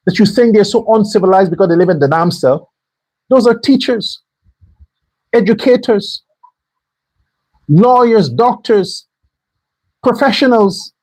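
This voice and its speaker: A man's voice: high voice, animated, normal speed, a little mellow, no echo, rough recording. A man delivering an angry, profane political commentary rant as a show host. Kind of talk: heated political commentary monologue.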